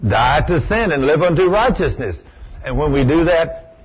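A man's voice: fairly high pitch, lively intonation, moderate pace, husky. A man preaching a sermon in a folksy, emphatic way, acting out the voices he quotes. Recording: dull lo-fi recording.

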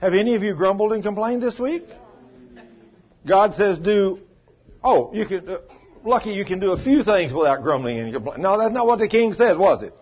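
A man's voice: sits high, expressive, a little fast, slightly rough, dull audio. A man preaching a sermon, telling stories and acting out the voices of the people in them. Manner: folksy storytelling preacher, acts out dialogue. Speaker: pastor. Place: small church.

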